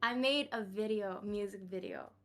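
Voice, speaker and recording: A woman's voice: medium pitch, moderate pace, vocal fry, a bit bright, faint music behind. A young woman from the United States, a podcast guest chatting casually about her life, laughing often and poking fun at herself. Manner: giggly, laughs often, self-mocking. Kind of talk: casual interview chat.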